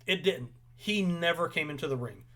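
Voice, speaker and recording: A man's voice: fairly high pitch, expressive, normal speed, bright, forceful tone. A young man hosting a casual wrestling recap, opinionated and rambling with frequent ums. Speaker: podcast host.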